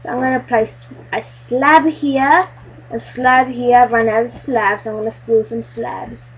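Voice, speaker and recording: A woman chatting excitedly while playing a building game with friends, silly and bubbly, breaking into squeals. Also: on the high side, measured pace, husky. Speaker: gamer playing on a friend's server. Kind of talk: excited let's-play chatter.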